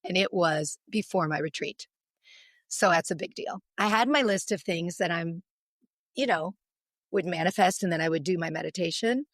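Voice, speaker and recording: A woman in her forties, a podcast guest, telling a long, emotional story in an animated, long-winded way. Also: lowish voice, moderate pace, no echo, studio quality.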